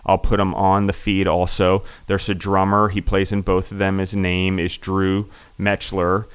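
Middle-aged male podcast host, deep and resonant, enthusiastic and rambling, voice wearing thin. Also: monotone, a little slow, smooth. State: losing his voice. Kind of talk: casual interview chat.

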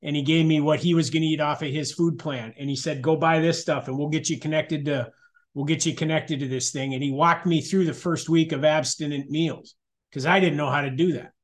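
Middle-aged guy telling his recovery story at a meeting, slightly higher voice, candid and chatty, lots of restarts. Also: fairly even intonation, brisk. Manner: candid, conversational, with frequent restarts and asides. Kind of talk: personal testimony at a support meeting.

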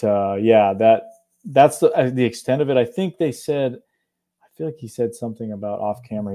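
A man's voice: on the low side, dark tone. A young man from northern Appalachia, co-hosting a casual chat in a laid-back, rambling way with frequent chuckles. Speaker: co-host of a cryptid show.

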